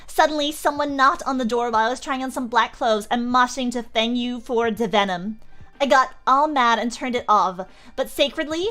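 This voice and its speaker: A woman's voice: on the high side, moderate pace, sharp tone, soft background music. A young woman streamer reading a story aloud for laughs, giggly and mock-dramatic, with chatty asides. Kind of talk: comedic live-stream reading.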